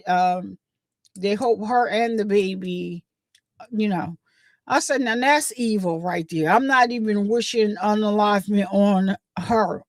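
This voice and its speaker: On a casual gossip livestream, a woman host tells the story in a chatty, animated way, acting out what other people said. Her voice sits in the mid-range, with no echo.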